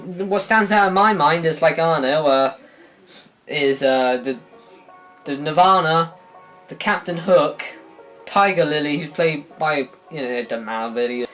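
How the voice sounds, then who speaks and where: A man's voice: fairly high pitch, measured pace, a bit bright, soft background music. A man reviewing films in a casual, rambling way, often sighing, restarting his sentences and adding sarcastic asides. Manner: rambling, self-interrupting, sighs, sarcastic asides. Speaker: film reviewer.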